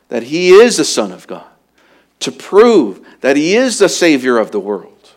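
A male pastor delivering a sermon at an unhurried, deliberate pace. He leans hard on key words with real urgency, then drops to a hushed near-murmur before building back up. His voice sits at an ordinary middle pitch. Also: big pitch swings. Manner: emphatic preaching, swinging between loud urgency and hushed quiet.

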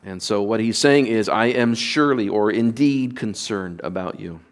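A man's voice: lowish voice, normal speed. A male pastor preaching a sermon in an earnest, emphatic way, repeating words and restarting phrases.

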